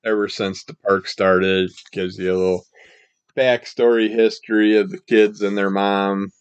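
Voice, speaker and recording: A man's voice: lowish voice, measured pace, clear, resonant tone, no echo, highs cut off. Man with a scratchy morning voice. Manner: rambling, relaxed, trails off mid-sentence. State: scratchy morning throat, clearing it. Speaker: comic book reviewer. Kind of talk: casual review monologue.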